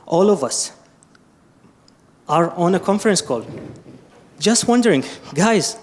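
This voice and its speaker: Emotional guy at a lecture mic, kinda high voice, halting and pleading. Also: big pitch swings, darkish tone, a little hiss or hum. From Syria. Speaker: audience member asking a question. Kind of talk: emotional public question at a lecture. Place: lecture hall.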